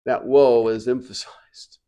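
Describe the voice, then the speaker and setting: A male pastor preaching a sermon, swinging between quiet reflective passages and loud, emphatic declarations. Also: mid-range voice, steady tone, takes it slowly. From United States.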